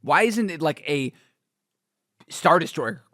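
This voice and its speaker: A young man with a lively, swooping voice that sits a bit high, riffing on a comic for his podcast. He asks questions and jokes around, recorded dry and close to the mic. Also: takes it slowly, no room sound. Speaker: podcast co-host. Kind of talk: casual comic book discussion.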